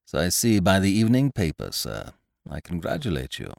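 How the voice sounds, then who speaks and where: A man voicing a stiff, formal older landlord who speaks in a grave, deferential, measured way. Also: sits low, huge pitch swings, gravelly, a little mellow, dry recording, clean studio sound, pitched below the performer's own voice, heavily acted. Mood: solemn.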